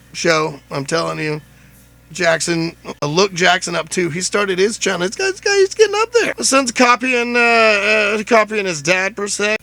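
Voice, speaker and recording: A man's voice: fairly high pitch, vocal fry, sharp tone. A man hosting his own show, telling a story in a chatty, rambling, joking way. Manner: chatty, rambling, jokey retelling with many "I said". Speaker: podcast host. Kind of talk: casual storytelling monologue.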